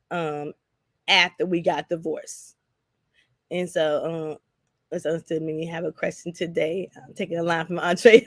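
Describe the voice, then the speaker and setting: A middle-aged woman talking casually to her live-stream viewers. She is candid and rambling, restarting her sentences as she goes. Her voice sits at an ordinary pitch and sounds dry and close. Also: no echo.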